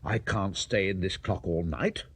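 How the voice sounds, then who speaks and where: A man voicing a polite, sensible young boy who speaks in a steady, courteous way. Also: low voice, a little slow, husky, dry recording, pitched below the performer's own voice, heavily acted.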